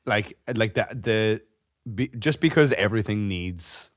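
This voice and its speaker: A man, co-hosting a podcast in casual chat. He tells stories in an animated way, swears freely and laughs through them. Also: fairly low pitch, measured pace, no room sound, clean studio sound. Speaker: podcast co-host.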